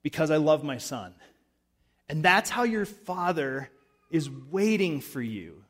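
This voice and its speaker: A man's voice: a little high, big pitch swings, slow, fairly bright tone. Preaching man in a reverberant hall. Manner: conversational preaching, acts out voices in retold scenes. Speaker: pastor. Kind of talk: sermon. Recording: long reverb of a large hall.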